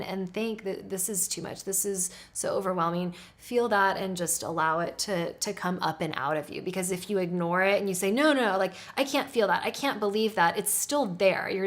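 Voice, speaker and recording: Reassuring woman giving birth advice. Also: medium pitch. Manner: encouraging, reassuring, says "like" a lot. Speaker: childbirth educator. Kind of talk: casual advice chat.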